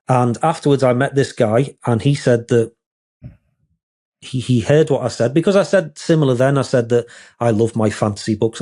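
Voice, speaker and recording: A man's voice: medium pitch, mellow. A man, a wedding photographer being interviewed, talking in a rambling, candid, self-deprecating way.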